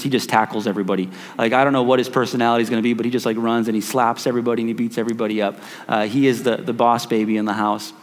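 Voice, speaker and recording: A pastor in his thirties preaching a sermon, repeating key phrases for emphasis and restarting his sentences often. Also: medium pitch. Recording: long reverb of a church hall.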